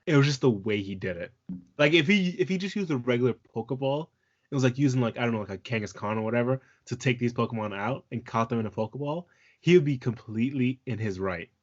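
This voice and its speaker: A man's voice: medium pitch, expressive, quick pace, highs cut off. A man co-hosting a podcast in casual chat, teasing his co-host and exclaiming with casual swearing.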